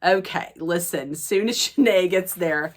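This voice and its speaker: Chatty woman recapping gossip, lowish voice. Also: moderate pace. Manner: gossipy, chatty retelling that acts out quoted dialogue. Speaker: reality TV recap vlogger. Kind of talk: casual chat.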